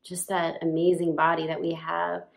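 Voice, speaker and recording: A woman's voice: lowish voice, monotone, moderate pace, gravelly. A woman casually telling her birth story while nursing her baby at home, chatty and full of "like" and laughs. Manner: chatty, lots of "like", laughs often.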